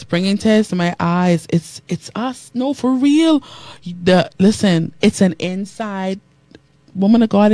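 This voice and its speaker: A woman radio host delivers a preaching talk with a lilt. She repeats phrases with rising emphasis. Her voice sits in a middle pitch, heard close and dry. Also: no echo. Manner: animated preacherly delivery, repeating phrases, reading comments aloud. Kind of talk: preaching talk show with listener texts.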